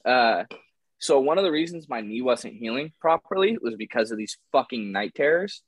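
A young man in his twenties telling stories in a casual podcast chat, swearing often and animated. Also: mid-range voice, moderate pace, husky, poor audio. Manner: swears a lot, animated storytelling. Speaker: podcast guest.

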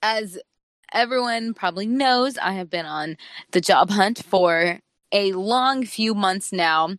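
A young woman on a podcast, bubbly and eager as she shares her news. The sound is dry and close, with no room around her voice, which sits at a middle pitch. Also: no echo. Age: 20s. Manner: bubbly and excitable, quick to laugh. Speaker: podcast co-host. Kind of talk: casual podcast chat.

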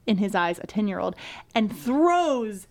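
A woman hosting a podcast, recapping episodes in an animated, laughing way with frequent swearing. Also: mid-range voice, measured pace. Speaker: podcast host.

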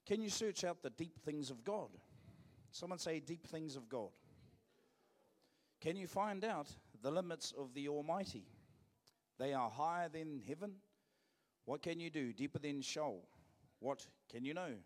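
A man's voice: on the high side, normal speed, long reverb tail. A man with a New Zealand accent, preaching a sermon as pastor in a joking, conversational way. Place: church.

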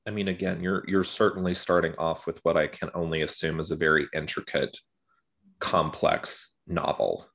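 Deep-voiced man reviewing films. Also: fairly even intonation, vocal fry, a bit bright. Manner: measured, repeats words while thinking. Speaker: podcast co-host. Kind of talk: casual film review chat.

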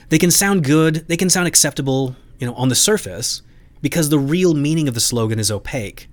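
Man, podcast host, solo commentary, conversational, reflective, average pitch. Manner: conversational, reflective, with frequent restarts.

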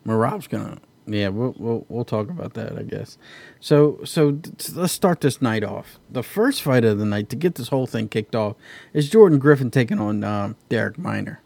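A man's voice: mid-range voice, animated, normal speed, vocal fry, darkish tone, dry recording. A man hosting a casual fight-pick chat, laid-back and joking as he runs through the card. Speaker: podcast host.

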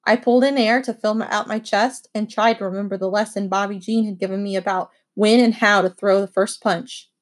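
A woman reading a children's novel aloud with expressive first-person narration. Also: medium pitch, fairly quick, few pauses. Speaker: audiobook reader.

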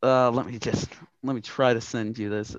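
A man's voice: medium pitch, fairly even intonation, moderate pace, clear, resonant tone, dry recording, highs cut off. A man running a casual tabletop game, narrating with many restarts and mild swearing. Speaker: game master.

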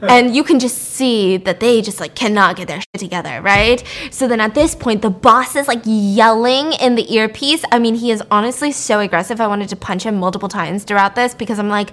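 A young woman hosting a podcast, casually recapping a horror story in an animated, laughing, profane way. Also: fairly high pitch, brisk. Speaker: podcast host.

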